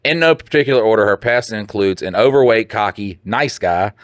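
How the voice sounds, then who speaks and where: A man co-hosting a podcast, reading listener posts aloud and riffing on them with profane, animated jokes. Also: brisk, no room sound, studio quality. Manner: animated, joking, breaks into laughter, jumps up in pitch for mock voices. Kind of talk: casual profane banter.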